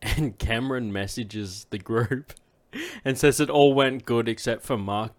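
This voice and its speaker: A man hosting a casual podcast at a middle pitch. His talk is loose and halting, full of fillers and swearing. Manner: laid-back, heavy swearing, halting with many fillers. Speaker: podcast host.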